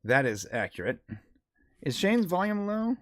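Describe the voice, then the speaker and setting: A man's voice: high-pitched, very animated, fairly bright tone, dry recording, studio quality. Upbeat man with a cold. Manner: upbeat, chatty, quick laughs. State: sick with a cold. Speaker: podcast co-host. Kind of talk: casual live-stream chat.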